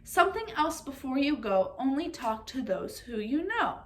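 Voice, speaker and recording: Woman as a gentle mother, sing-song warnings. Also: high-pitched, sing-song, normal speed. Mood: cautioning.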